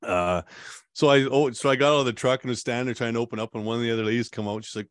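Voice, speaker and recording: Speaking at a racing clip in a steady, mid-range voice, a Canadian guest recounts his survival story in a laid-back interview. He wanders as he talks and laughs at points, and the studio-quality recording has no echo.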